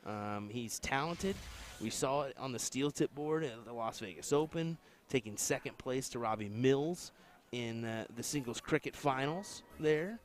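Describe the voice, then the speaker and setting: A man commenting on a darts match on a live stream, with relaxed, joking banter. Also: mid-range voice, unhurried. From United States.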